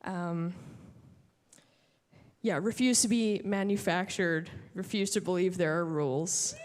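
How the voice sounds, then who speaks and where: A woman from Alberta giving an emotional award acceptance speech from a stage, halting with many fillers and restarts. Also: fairly low pitch. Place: large hall at an awards show. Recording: long hall reverb.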